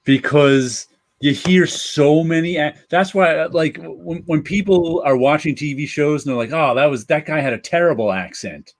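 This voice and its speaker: A man's voice: fairly high pitch, normal speed. A man co-hosting a casual show, telling stories in a loose, rambling way. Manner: rambling, loose storytelling with restarts. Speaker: co-host. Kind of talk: casual chat.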